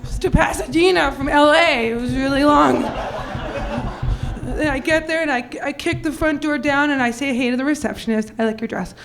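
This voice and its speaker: A young woman with a high voice performs stand-up on a comedy club stage. She rambles through her stories and acts out every quote in a ditzy way. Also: normal speed, fairly bright tone, slight background noise. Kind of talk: stand-up routine.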